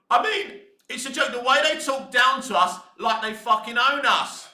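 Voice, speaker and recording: A man delivering a profane, ranting video commentary, swinging between low muttering and shouting. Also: moderate pace, echoey room. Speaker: fan commentator.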